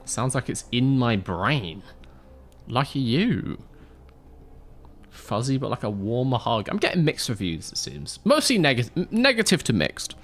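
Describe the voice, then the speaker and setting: A male streamer chats loosely as he plays a racing management game, reading out chat and laughing at his own jokes. His voice sits at a middle pitch but swings up and down with a lively, animated tone. He speaks into a close desk microphone fitted with a pop filter. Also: measured pace. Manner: jokey, laughs often, reads chat aloud. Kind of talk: casual live-stream chat and game commentary.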